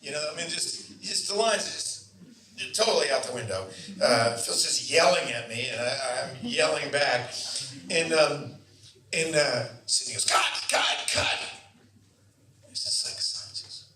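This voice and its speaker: Male festival guest telling a story, lively pitch, bright tone, recorded from a distance in an echoey room with faint noise. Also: a little slow. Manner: animated, acts out other people's voices. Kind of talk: anecdotal storytelling. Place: festival Q&A venue. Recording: roomy hall, distant mic, faint noise.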